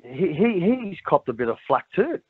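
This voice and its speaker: A middle-aged Australian man with a fairly high voice rambles through a candid interview, stumbling over repeated words and dropping "mate" into nearly every sentence. His voice comes through thin and phone-like, with a dry, close sound and no room echo. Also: big pitch swings, moderate pace, slightly rough. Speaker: interview guest. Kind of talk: candid conversation.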